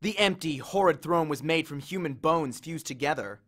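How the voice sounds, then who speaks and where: A man narrating a novel in the first person in a measured, expressive storytelling manner. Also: fairly high pitch. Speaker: audiobook reader.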